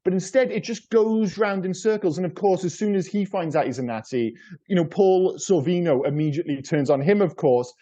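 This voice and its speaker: A man's voice: high voice, brisk, warm tone, highs cut off. A man co-hosting a casual film review podcast, rambling and repeating words as he talks, with casual swearing. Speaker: podcast co-host.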